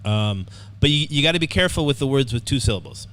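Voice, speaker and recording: A man's voice: medium pitch, lively intonation, fast talker, a bit bright. A man teaching an online English writing class, upbeat, repeating words and often checking in with "okay".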